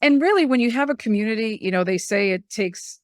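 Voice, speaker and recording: A woman's voice: on the high side, fairly quick, dry recording, studio quality. Chatty middle-aged woman telling stories. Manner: chatty, animated, acts out quoted voices. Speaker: medium and spiritual teacher, podcast guest. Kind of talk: casual storytelling conversation.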